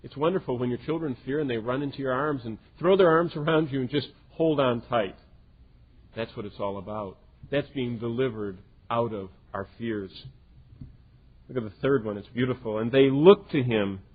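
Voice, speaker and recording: A man preaching a sermon in an earnest way, swinging between loud emphasis and hushed quiet lines. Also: medium pitch, expressive, moderate pace, slightly rough. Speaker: pastor. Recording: tinny lo-fi phone-like recording.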